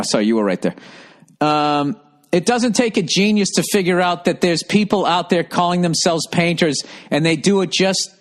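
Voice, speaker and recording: A middle-aged man ranting profanely and sarcastically as a podcast host, reading out listener comments and firing back. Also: high-pitched. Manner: reads listener comments aloud and answers them. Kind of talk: ranting monologue.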